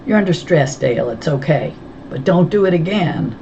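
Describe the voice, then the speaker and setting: A woman's voice: sits low, lively intonation, normal speed, creaky, mellow, highs cut off, a little hiss or hum. A woman voicing an earnest, brainy sixth-grade girl who explains things eagerly. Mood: gentle.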